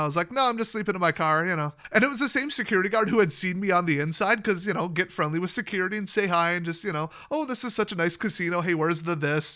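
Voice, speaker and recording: A man rambles through some casual casino advice, chatty yet carefully clear and well-spoken. He acts out quoted lines with sudden high leaps in his voice, and his tone is sharp.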